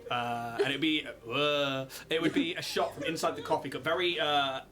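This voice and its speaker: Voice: mid-range voice, steady tone, moderate pace, over a noisy crowd. A game master narrating a tabletop game, describing scenes like camera shots. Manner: descriptive, cinematic scene-setting.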